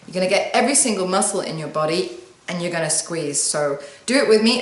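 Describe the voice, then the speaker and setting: A woman coach gives calm, soothing instructions straight to camera. Her voice sits fairly low, and she leads the listener through slow breathing. The room around her is noticeably echoey. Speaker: wellbeing coach. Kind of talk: guided self-help talk to camera.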